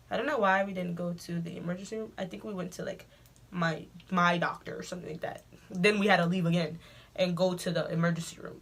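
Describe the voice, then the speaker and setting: Animated woman telling a story. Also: mid-range voice. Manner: animated, dramatic retelling with frequent asides. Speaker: vlogger. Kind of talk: storytime vlog.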